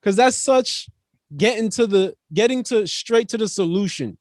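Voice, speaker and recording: A man from New York talks on a podcast in a blunt, emphatic way, swearing freely as he makes his point. His voice sits quite high for a man. The sound is close and dry. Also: lively intonation, moderate pace, no echo. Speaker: podcast co-host. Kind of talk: casual chat.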